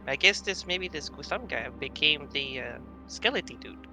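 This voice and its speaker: A man playing a tabletop game, talking in a hesitant, halting way. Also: fairly high pitch, lively intonation, over music. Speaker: player. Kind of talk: casual game chat.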